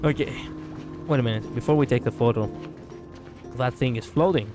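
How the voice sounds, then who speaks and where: A man's voice: medium pitch, normal speed, over music. A man with a Greek accent on a gameplay livestream, reading the game's text aloud in a playful way and joking between lines. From Greece. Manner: playful, breaks into laughter and quips between read-out lines. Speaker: streamer.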